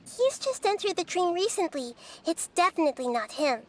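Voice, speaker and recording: An actress voicing a small, wise girl goddess in a game, calm and measured in her reasoning. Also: extremely high pitch, a little hiss or hum. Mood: probing. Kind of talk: game character dialogue.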